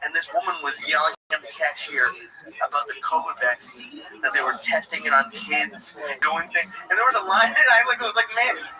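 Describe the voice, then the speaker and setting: A man chatting casually and telling a quick story of his own. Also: on the high side, recorded from a distance, crowd noise, poor audio. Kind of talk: casual chat.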